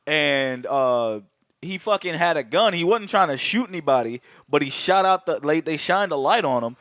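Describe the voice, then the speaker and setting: A man co-hosting a movie podcast, telling scenes in animated, profane casual chat and acting out lines. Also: a little high, moderate pace, no echo, studio quality. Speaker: podcast co-host.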